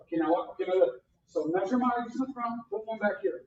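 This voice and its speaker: A karate instructor teaching a beginner class, counting out drills and calling punch commands in loud bursts. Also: medium pitch, fast talker. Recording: distant, roomy, dull sound with faint noise.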